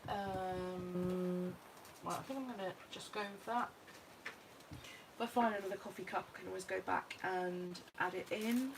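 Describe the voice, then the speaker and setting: A British woman walks through her scrapbook project in a relaxed, chatty way, thinking aloud as she goes. Her voice sits at a middling pitch. A clear layer of background noise runs under the recording. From United Kingdom. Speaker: craft vlogger. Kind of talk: casual crafting walkthrough.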